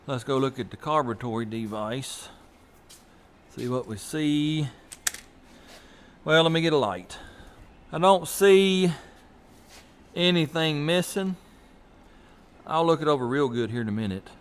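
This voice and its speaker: A man's voice: fairly high pitch, unhurried, long pauses, a little hiss or hum. A man hosts a casual garage vlog, folksy and thinking aloud as he works in a home garage. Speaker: garage channel host.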